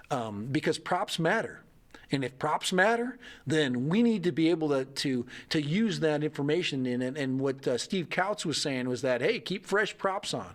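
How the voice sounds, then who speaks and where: A middle-aged man from the United States hosts a casual livestream. He rambles, jokes and reads comments aloud in a slightly higher voice. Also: expressive, moderate pace. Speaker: livestream host.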